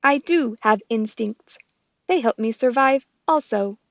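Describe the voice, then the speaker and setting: A woman voicing a gentle female robot mother who speaks slowly and formally, without contractions. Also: fairly high pitch, no room sound, muffled recording. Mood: calm tender. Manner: slow, measured, formal speech without contractions.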